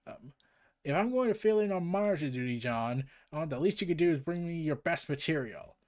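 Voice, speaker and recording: A man's voice: on the high side, animated, fairly quick, darkish tone, lightly acted. A man voicing a wisecracking male chimp on monitor duty, with dry teasing banter.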